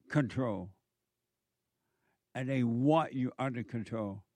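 A man's voice: mid-range voice, a little mellow, dry recording. A man hosting a commentary show, delivering an emphatic, lecturing monologue that repeats its points.

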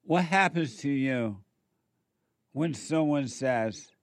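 A man giving a preachy spoken monologue, repeating rhetorical questions and pausing for answers. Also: fairly high pitch, animated, dry recording. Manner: acts out quoted back-and-forth dialogue. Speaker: speaker addressing listeners.

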